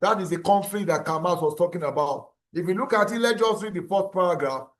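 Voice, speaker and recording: A man giving a university lecture, explaining slowly, repeating key terms and checking that students follow. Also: sits high. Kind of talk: classroom lecture.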